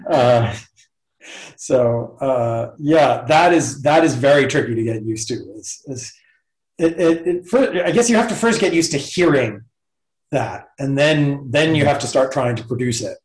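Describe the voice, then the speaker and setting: A man's voice: medium pitch, animated, a little slow. A man, a professor guest in a casual interview, explaining ideas thoughtfully and step by step. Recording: roomy echo.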